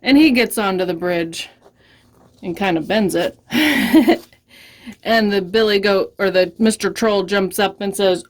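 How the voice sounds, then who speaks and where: Slow, gentle children's librarian storyteller. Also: female voice, medium pitch.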